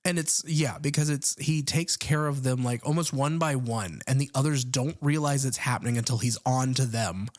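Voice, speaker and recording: Man calmly recapping a film plot. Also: medium pitch, moderate pace, hardly any pauses. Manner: even plot recapping with fillers. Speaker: podcast co-host. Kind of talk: casual film discussion.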